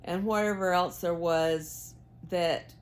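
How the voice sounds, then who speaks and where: Her voice is fairly low and steady, and she takes it slowly. An American knitting vlogger with a Southern accent, she chats to her viewers in a rambling, folksy way as she knits.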